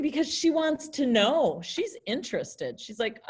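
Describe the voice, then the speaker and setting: A woman's voice: high voice, sing-song, a little slow. A young woman teaching an online class in a chatty way, acting out example phrases in different tones. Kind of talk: virtual classroom lesson.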